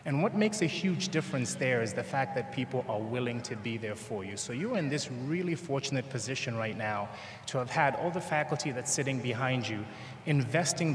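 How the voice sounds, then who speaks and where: Zambian man speaking in a big echoey hall. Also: mid-range voice. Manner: storytelling, acts out dialogue with humor. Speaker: commencement speaker. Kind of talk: motivational speech. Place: large convention hall. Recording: echoey hall, long reverb, faint noise.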